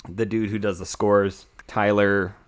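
A man's voice: fairly low pitch, flat delivery, moderate pace, clean tone. A young American man hosting a casual chat, recapping a film in a rambling way, full of "like" and restarts. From United States. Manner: rambling, many "like" fillers and restarts.

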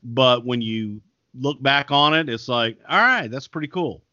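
A man's voice: medium pitch, lively intonation, measured pace, sharp tone, dry recording. Texan man on a dull phone line. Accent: Texas. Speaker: podcast host, interview guest. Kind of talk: casual interview over a phone line.

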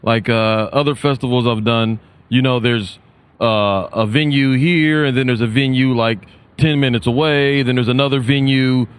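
A male comedian guest on a podcast, teasing and playful, talking in a relaxed, drawn-out way on a hotel terrace. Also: medium pitch, smooth. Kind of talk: casual chat.

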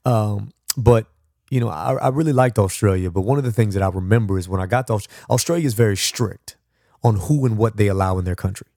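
A man with a low, gravelly voice hosts a motivational podcast. He rambles conversationally and often restarts his thoughts. The recording is dry and close. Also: a little fast, darkish tone, no echo. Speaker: podcast host. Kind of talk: reflective motivational monologue.

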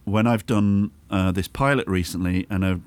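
A man's voice: fairly low pitch, moderate pace. A man hosting a casual comedy podcast, teasing his guest in a mock-bullying way.

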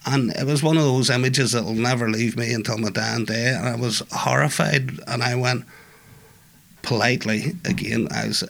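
A middle-aged man talks about his time inside, his voice carrying a gravelly texture. He stumbles and restarts often, adding "you know" as he circles back to his point. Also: mid-range voice, fairly even intonation, fairly bright tone. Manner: halting, many restarts and asides. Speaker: former prisoner and peer listener. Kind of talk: conversational interview recollection.

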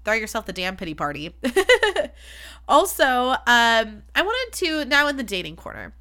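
Podcast host, woman, bright higher voice, blunt and sweary, chatty self-deprecating solo talk. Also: very animated, moderate pace.

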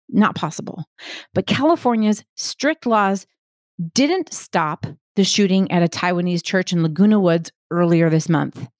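A woman's voice: medium pitch, a little mellow, dry recording, clean studio sound. A woman hosting a solo podcast, reading quotes aloud and then breaking them down point by point, often checking in with "right?". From Texas, United States. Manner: explains step by step, checks in with "right?" and "okay?". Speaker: podcast host and coach.

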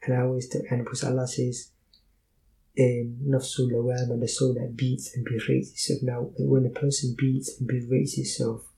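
Male speaker for a faith-based self-help talk: earnest, methodical, even and warm in tone. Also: mid-range voice, creaky, rough recording. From Somalia. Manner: earnest, explanatory, tells personal stories; measured, lists points in sequence. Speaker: motivational speaker.

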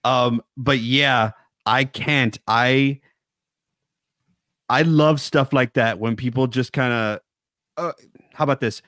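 Animated laughing man, podcast co-host. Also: mid-range voice, takes it slowly, pauses often, no echo, clean studio sound. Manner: animated, laughing, breaks into quoted voices. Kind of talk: casual chat.

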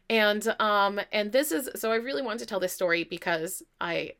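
A woman co-hosting a parenting podcast, telling stories in an animated, chatty way and laughing easily. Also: mid-range voice, normal speed, few pauses. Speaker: podcast co-host. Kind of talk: casual conversation.

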